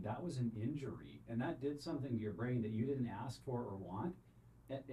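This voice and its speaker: A man's voice: mid-range voice, warm tone, a little hiss or hum, rough recording. A man hosting a podcast conversation, earnest and affirming, reflecting back what his guest says. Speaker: podcast host.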